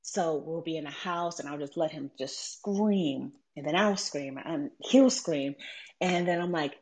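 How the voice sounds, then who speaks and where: A woman's voice: low voice, normal speed, a little mellow. A mother telling a personal story about raising her son, in a reflective, conversational way with frequent ums. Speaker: mother sharing parenting story.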